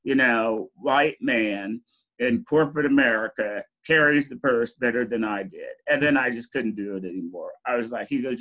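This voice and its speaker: Man, middle-aged, medium pitch, candid storytelling, laughs often, interview guest. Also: moderate pace, fairly bright tone, poor audio. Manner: candid, laughs often, frequent "you know". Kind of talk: reflective personal storytelling.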